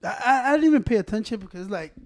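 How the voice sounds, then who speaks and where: A man's voice: high voice, expressive, rapid-fire, darkish tone, no room sound, studio quality. A man in casual chat, mixing in Spanish slang and swearing a lot. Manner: switches between English and Spanish slang, profane.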